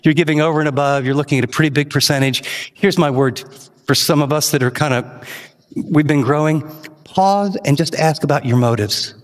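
A pastor giving an earnest, emphatic sermon with rising questions. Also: male voice, a little high, fairly quick, in a large hall.

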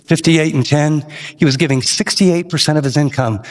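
Pastor guy preaching a sermon, kinda high voice, big reverby church sound. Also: normal speed. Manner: earnest, emphatic preaching with rising questions.

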